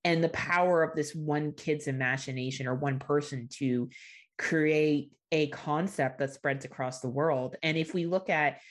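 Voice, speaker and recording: A woman's voice: sits low, unhurried. A woman co-hosting a podcast in casual chat, agreeable and thoughtful as she builds her point about a film. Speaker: podcast co-host.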